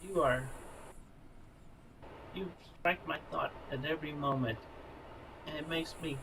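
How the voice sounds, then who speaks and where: A man making a grandiose love declaration in mock-Shakespearean speech, theatrical and halting, stumbling over archaic phrasing. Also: fairly high pitch. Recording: distant mic with clear noise in an old home video.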